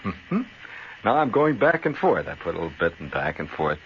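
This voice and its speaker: In a deep, sing-song voice at normal speed, a radio host tells a long, rambling story in the studio, chuckling and throwing in asides like "see?" and "you know." It sounds like a dull lo-fi 1970 radio broadcast, with slight background noise.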